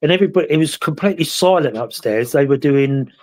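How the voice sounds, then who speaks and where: A British man hosting a casual talk show, his voice sitting a little high. He tells long stories in a rambling, reflective way, often stopping to question himself. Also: lively intonation, fast, darkish tone. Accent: British English. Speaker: host. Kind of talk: casual chat.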